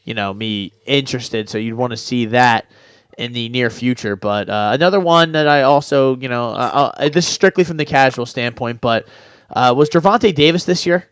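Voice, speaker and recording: A man's voice: mid-range voice, moderate pace, clear, resonant tone, no echo. A young adult man co-hosting a podcast in casual chat, talking loosely with many fillers and hesitations. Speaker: podcast co-host.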